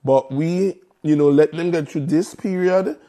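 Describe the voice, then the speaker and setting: A man's voice: fairly high pitch, unhurried, dark tone. A man with a Virgin Islands accent hosting a live morning show, chatting casually and repeating phrases in local slang.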